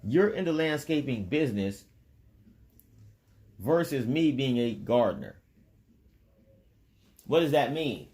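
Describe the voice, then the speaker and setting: A man speaking in a relaxed, rambling vlog monologue. He talks straight to the listener in a voice of ordinary pitch. He drifts from point to point and chuckles between them. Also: takes it slowly, long pauses. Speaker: vlogger.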